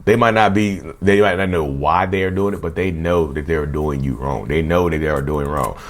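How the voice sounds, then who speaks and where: Speaking in a rumbling low voice at a moderate pace, this channel host chats casually to camera. He goes over the same points repeatedly and keeps addressing viewers as "y'all."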